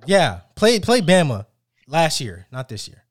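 A man's voice: fairly high pitch, unhurried, dry recording, clean studio sound. A man co-hosting a sports podcast, ranting about football with lots of restarts and tangents. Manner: animated, ranting, many restarts. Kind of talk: casual sports banter.

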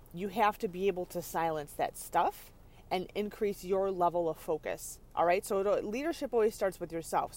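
A woman podcast host teaches leadership and stress with bright, chatty energy. She speaks from her parked car on a rainy day, laughing often and pausing to check in with her listeners. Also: medium pitch. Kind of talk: motivational teaching talk.

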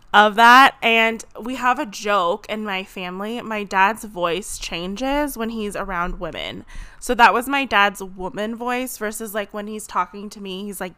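Brief: young woman, bright crisp voice, chatty and dramatic, dry close sound. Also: medium pitch, no echo. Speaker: vlogger. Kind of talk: casual storytelling.

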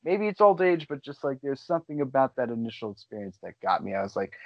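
A man's voice: medium pitch, big pitch swings, vocal fry, no room sound, dull audio. A man co-hosting a casual chat, joking and laughing often. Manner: jokey, laughs often, quick asides. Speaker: podcast co-host.

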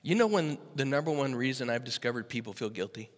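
A man in his sixties preaching a sermon as pastor, moving from easy storytelling to loud, emphatic preaching. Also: medium pitch, expressive, fast talker. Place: church sanctuary. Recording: echoey hall with long reverb.

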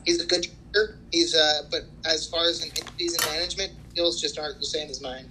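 A man chatting casually about his fantasy league, boastful and halting, with lots of restarts. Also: on the high side, fairly even intonation, noisy background.

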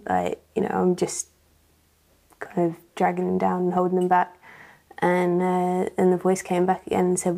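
A woman's voice: on the low side, completely flat delivery, unhurried, vocal fry, warm tone. A woman sharing her personal testimony as a church guest, talking hesitantly with many fillers.

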